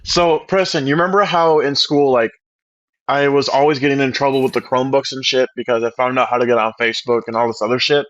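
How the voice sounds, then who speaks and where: A man's voice: mid-range voice, fairly even intonation, fast, no room sound. A young man telling school stories in a casual chat, laughing often and swearing freely. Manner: laughing storyteller, swears a lot. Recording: dull lo-fi sound.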